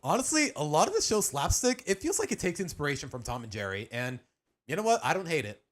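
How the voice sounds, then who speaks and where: A man's voice: fairly high pitch, very animated, quick pace. A young adult man chatting casually on a live stream as he reacts to a video, rambling with restarts and slang.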